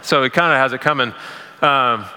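Bright-voiced man preaching in a hall. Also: mid-range voice, moderate pace, clean tone. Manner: casual, conversational preaching with many "like" fillers. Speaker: pastor. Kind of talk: sermon.

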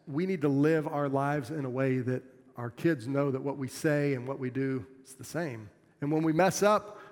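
Preaching from the pulpit amid the long reverb of a big church sanctuary, a middle-aged pastor speaks earnestly and plainly. He laughs at his own expense, and his voice sits slightly high for a man.

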